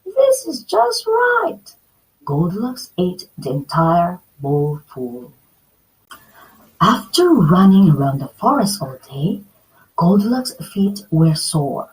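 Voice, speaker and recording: A woman reads a children's story aloud at an unhurried pace. Her voice moves through a wide, lively pitch range as she tells it. The delivery is expressive and deliberate. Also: rough recording. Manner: slow, expressive read-aloud.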